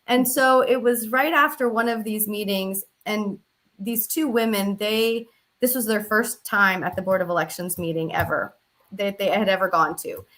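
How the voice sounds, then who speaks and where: A woman's voice: mid-range voice, steady tone, moderate pace, fairly bright tone. A woman advocate for election observation, telling her story earnestly in an interview. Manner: earnest, recounts events with quoted dialogue.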